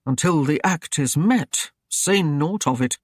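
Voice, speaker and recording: A man's voice: on the high side, expressive, a little slow, no echo, clean studio sound. A man voicing an anxious, loyal young Saxon servant who speaks carefully and earnestly.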